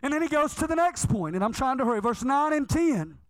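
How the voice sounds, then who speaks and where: High-voiced fervent preacher man. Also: very animated, dry recording. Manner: fervent, emphatic, drawn-out stresses. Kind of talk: sermon.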